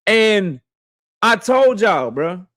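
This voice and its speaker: A man's voice: high-pitched, sing-song, drawn-out words, fairly bright tone, no room sound, studio quality. A man hosting a boxing livestream, casually greeting chat members one by one in a slangy, playful way.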